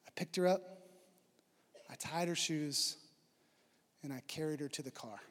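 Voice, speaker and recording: A man preaching a sermon, earnest, swinging from emphatic and loud to soft and low. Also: measured pace, long reverb tail. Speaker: pastor.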